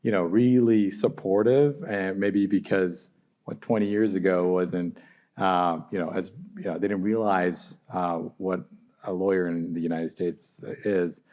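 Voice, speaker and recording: A man's voice: low voice, fairly even intonation, a little slow, a little mellow. A man in his forties, speaking as an alumni panelist in a chatty storytelling way and laughing at his own anecdotes. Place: law school event room.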